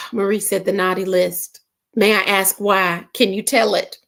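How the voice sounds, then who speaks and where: A woman's voice: on the low side, measured pace, gravelly, a bit bright. A woman hosting a casual online gathering, reading viewer comments in a playful, teasing way. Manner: playful, teasing, lots of laughs and sighs. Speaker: host of a live online gathering.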